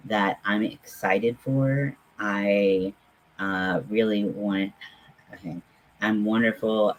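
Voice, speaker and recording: A man hosts a relaxed livestream from home and chats with viewers. He talks slowly and haltingly, with lots of ums, in a fairly low voice that stays friendly. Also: rough recording. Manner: halting, filler-heavy, friendly chatter. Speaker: livestream host. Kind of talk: casual livestream chat with viewers.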